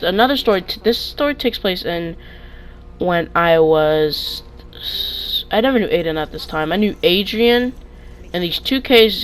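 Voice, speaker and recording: A young man casually telling storytime tales into a clip-on mic, rambling with restarts and getting loud when excited. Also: sits high, clean tone, low-quality recording. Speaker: vlogger.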